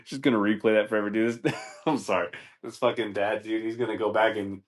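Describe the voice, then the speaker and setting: A man's voice: fairly low pitch, steady tone, a little fast. A man hosting a comedy podcast, rambling loosely through stories, swearing and laughing, saying dude a lot. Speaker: podcast host.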